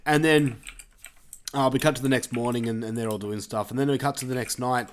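A man's voice: mid-range voice, slight background noise. Rambling, profane male podcast host. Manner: rambling, profane, voices characters in quick asides. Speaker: podcast co-host retelling a movie. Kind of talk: casual chat.

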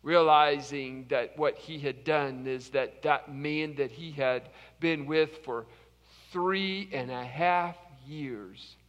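A male pastor preaches a morning sermon, telling the story dramatically and swinging from loud passages to hushed ones. His voice is high and bright. A long reverb from the church hall trails his words. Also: takes it slowly. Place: church service, live streamed.

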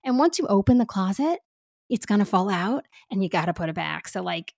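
A woman speaking as a parenting expert guest in casual podcast talk, animated and chatty with lots of fillers. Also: medium pitch, fairly quick, gravelly, no room sound, clean studio sound.

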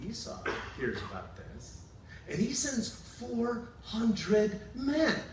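A man's voice: fairly high pitch, roomy sound, recorded from a distance, slight background noise, poor audio. A male pastor preaching a sermon in a casual storytelling way, paraphrasing scripture and acting out quotes.

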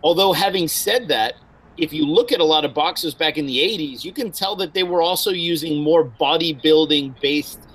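A man who teaches Wing Chun, calmly explaining his ideas as a guest in a casual chat. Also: fairly high pitch, moderate pace, rough recording.

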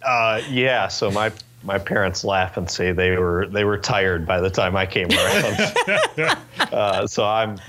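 A man in his twenties from Northern California, telling stories in a relaxed interview chat with lots of fillers and restarts. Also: on the low side, takes it slowly. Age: 20s. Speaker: interview guest, race car driver.

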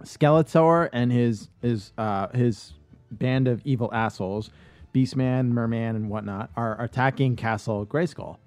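A man on a podcast casually pitching a movie idea, rambling with lots of fillers and restarts. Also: a little slow, darkish tone, no echo, faint music behind.

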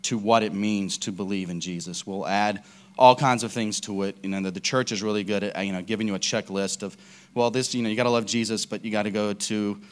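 A man's voice: lowish voice, fairly even intonation, fairly quick. A man preaching a casual, conversational sermon, telling stories with lots of fillers and restarts.

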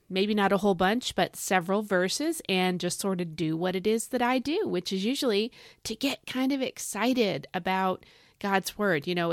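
A woman's voice: medium pitch, no echo, studio quality. Chatty middle-aged woman podcast host. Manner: chatty and playful, with emphatic repetitions and asides. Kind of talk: upbeat devotional podcast talk.

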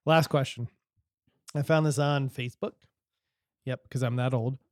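A man's voice: medium pitch, steady tone, unhurried, dry recording, studio quality. A man from Utah hosting a casual podcast chat, laid-back and laughing as he talks. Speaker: podcast host.

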